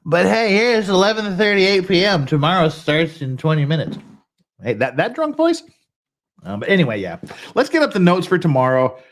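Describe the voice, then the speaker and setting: A man hosting a late-night livestream, talking to his viewers in a loose, rambling way. His voice sits a little high for a man and swings up and down a lot as he jumps between thoughts. He grumbles in a mild, self-mocking way. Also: normal speed. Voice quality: animated, self-deprecating, swears mildly. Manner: rambling with frequent restarts and laughs. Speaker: livestream host. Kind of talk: casual livestream chat.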